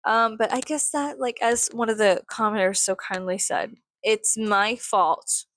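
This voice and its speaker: A woman vlogging casually while doing her makeup, rambling and swearing, sometimes dropping to a soft whisper. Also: on the high side, moderate pace, no echo.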